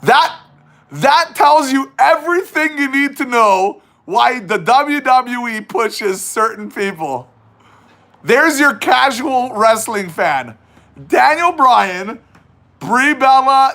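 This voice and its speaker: A man's voice: very high voice, expressive, takes it slowly, pushed and bright. A man hosting a casual livestream chat, reading viewer questions aloud and teasing his guest. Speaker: livestream host.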